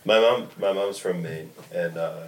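Deep-voiced laid-back man chatting. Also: measured pace, slight background noise. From Boston area. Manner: laid-back, rambling with fillers and laughs. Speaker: podcast co-host. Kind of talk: casual chat.

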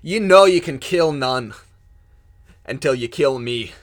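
A man voicing a grim old male gravedigger who speaks in a low, gravelly growl. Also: lively intonation, normal speed, fairly bright tone, full character voice. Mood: solemn. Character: gruff old male digger with a shovel.

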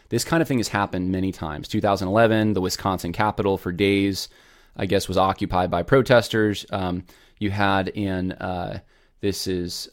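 A man hosting a casual commentary show, earnest and rambling with many restarts. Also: deep voice.

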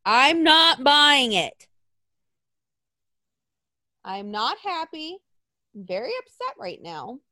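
A woman with a high, bouncing voice rants through a casual talk show, swearing and fired up with mock outrage. The sound is close and dry, with no room around her. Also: very animated, takes it slowly, long pauses, sharp tone, dry recording. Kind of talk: casual wrestling chat.

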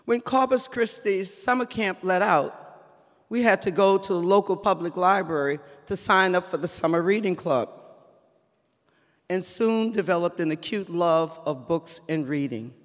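A woman in her seventies from New Orleans telling a personal story live on stage, unhurried and reflective. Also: on the low side. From New Orleans, USA. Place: theater stage. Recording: live stage with long reverb.

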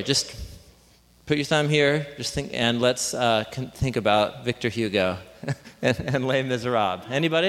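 A man's voice: mid-range voice, a bit bright. Guy giving a sermon, chatty and jokey, lots of restarts, echoey church hall. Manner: conversational, self-interrupting, joking with the room. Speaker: pastor. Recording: reverberant hall.

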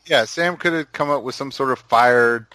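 A man's voice: mid-range voice, moderate pace, pushed and bright, no room sound. A man on a podcast thinking aloud about a TV trailer, hedging and using many fillers. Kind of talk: casual chat about a TV trailer.

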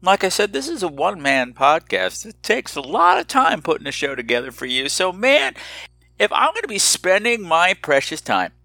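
A man hosts his own podcast in a theatrical, teasing monologue, his voice lively and swooping. It rings bright and forward. The recording is dry and close, with no room sound. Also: high-pitched, normal speed, creaky, dry recording. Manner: animated and theatrical, mock-menacing. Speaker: podcast host.

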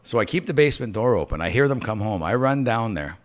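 A man co-hosting a podcast, telling stories in a casual, profane, animated way. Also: lowish voice, fast. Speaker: podcast co-host. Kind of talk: casual chat.

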